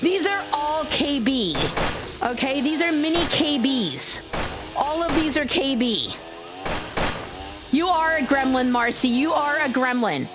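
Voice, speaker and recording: A woman streaming a game live, talking loudly and playfully to her chat, teasing and swearing. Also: high-pitched, lively intonation, measured pace, over music.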